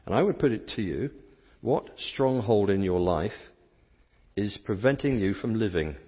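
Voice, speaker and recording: A man preaching a lively sermon, playful and coaxing the congregation to join in. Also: fairly low pitch, moderate pace, breathy edge. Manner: playful, coaxes the crowd to join in. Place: church sanctuary. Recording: dull sound, long church reverb.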